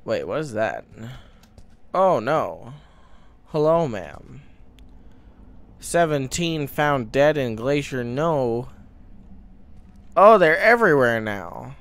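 A young man talks his way through a horror game at a very slow, drawn-out pace. His pitch swings widely as he mutters to himself and breaks into startled outbursts. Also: big pitch swings, vocal fry, a bit bright. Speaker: gaming YouTuber.

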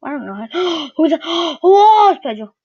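A woman's voice: high-pitched, expressive, brisk, dull audio. A woman doing casual game commentary while opening card packs, swearing freely and shrieking whenever a good player shows up. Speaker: gaming video creator.

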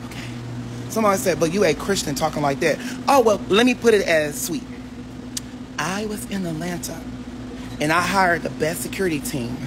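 A man ranting on a casual phone livestream, flamboyant and sassy, with sudden shrieks and high exclamations. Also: normal speed, background noise. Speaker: social media personality on a livestream.

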